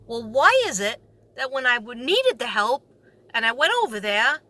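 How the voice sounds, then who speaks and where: A woman with a New York accent tells a long, sarcastic story from her day as a substitute teacher. Her voice sits fairly high and sounds bright and sharp. She animates every quoted line. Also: sing-song, moderate pace. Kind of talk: storytelling vlog.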